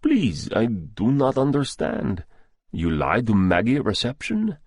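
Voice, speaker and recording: A man's voice: medium pitch, wildly swooping pitch, unhurried, darkish tone, husky, no echo, studio quality, pitched above the performer's own voice, heavily acted. A man voicing a formal, wary middle-aged male doctor with a thick Russian accent. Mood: alarmed. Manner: stiff, formal phrasing.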